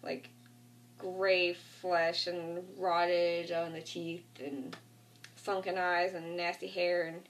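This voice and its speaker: Gravelly-voiced girl rambling about a tv show, lots of like and you know, a bit far from the mic. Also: fairly low pitch, a little hiss or hum. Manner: rambling, filler-heavy, lots of "like". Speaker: vlogger. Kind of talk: casual retelling of a TV episode. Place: at home, with a cat nearby.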